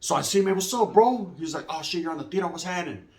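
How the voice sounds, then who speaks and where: High-pitched streetwise storyteller man. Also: animated, racing, a little mellow. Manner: streetwise slang, acts out dialogue, frequent "you know what I mean". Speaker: storyteller recounting prison life. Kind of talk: casual storytelling.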